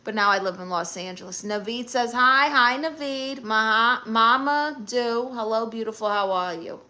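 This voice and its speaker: A woman's voice: on the high side, moderate pace, sharp tone. A woman with a Brooklyn accent hosting a live stream, reading viewer comments aloud and answering them in a sassy, brash way. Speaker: livestream host.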